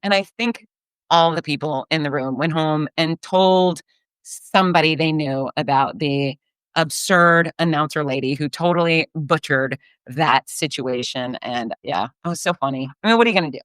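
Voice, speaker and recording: A woman race announcer and podcast host telling a story in a casual, animated way, often laughing. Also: sits low, moderate pace, smooth, no room sound.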